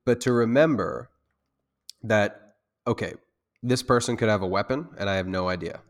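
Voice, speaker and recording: A man who teaches self-defense, talking in a loose, rambling way with many restarts and fillers, and growing loud and heated when he makes a point. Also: on the low side, moderate pace. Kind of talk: conversational interview.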